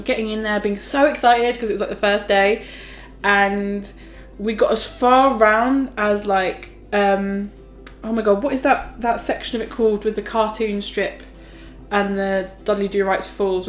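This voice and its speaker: A woman's voice: medium pitch, flat delivery, normal speed, echoey room, soft background music. A young woman, telling stories casually as a vlogger, chatty and full of fillers. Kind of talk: casual storytelling.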